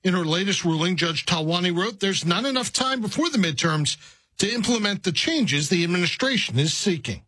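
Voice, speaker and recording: A man filing a radio news report in a measured, formal delivery. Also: high voice, sing-song, bright, forceful tone, breathy edge, no echo, poor audio. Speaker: news correspondent.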